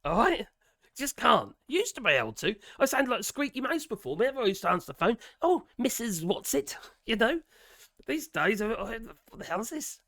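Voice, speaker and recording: A man's voice: sits high, very animated, a little fast, vocal fry, bright, forceful tone, no room sound, clean studio sound. A man with a Norfolk accent and strained, worn vocal cords, ranting to camera in a casual vlog, swearing and giggling as he goes. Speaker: vlogger. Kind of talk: casual opinion rant to camera.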